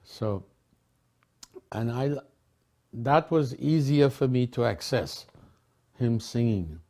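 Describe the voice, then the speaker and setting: An older man from a Caribbean island telling personal memories in a relaxed, chatty way, laughing often and restarting his sentences. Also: mid-range voice, slow pace. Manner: warm storytelling with frequent laughs and restarts. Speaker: devotee sharing memories. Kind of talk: casual reminiscence.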